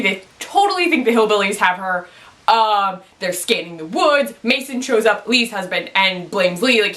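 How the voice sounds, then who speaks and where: A woman vlogging a quick, casual TV episode recap, chatty and excitable with lots of fillers. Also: a little high.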